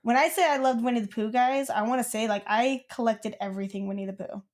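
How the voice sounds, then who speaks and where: A woman's voice: on the high side, fast, darkish tone. Young woman podcast cohost rambling through a story, lots of "like", casual chat. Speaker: podcast co-host.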